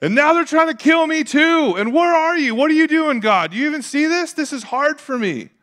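A man voicing an overwhelmed prophet who complains to God in a shouted, self-pitying rant. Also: very high-pitched, expressive, fairly quick, pitched above the performer's own voice. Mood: whiny, exasperated.

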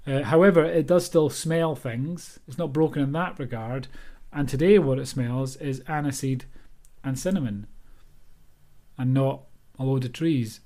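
A man's voice: medium pitch, a little slow, mellow. A Scottish author hosting his own podcast, talking alone in a rambling, self-deprecating, chatty way. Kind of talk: casual solo podcast monologue.

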